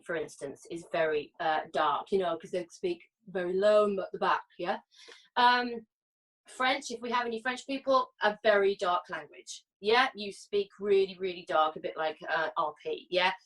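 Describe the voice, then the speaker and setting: A woman's voice: medium pitch, moderate pace, fairly bright tone, recorded from a distance, rough recording. A British woman coaching singers through a masterclass, chatty and often checking in with "yeah?" and "okay?". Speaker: vocal coach. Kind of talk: singing masterclass teaching.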